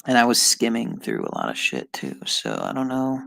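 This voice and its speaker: A man's voice: mid-range voice, huge pitch swings, moderate pace, gravelly, pushed and bright, dry recording, low-quality recording. A man streaming live, muttering and swearing in frustration as he works through an online test and talks to his viewers. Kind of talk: casual live-stream talk while taking an online test.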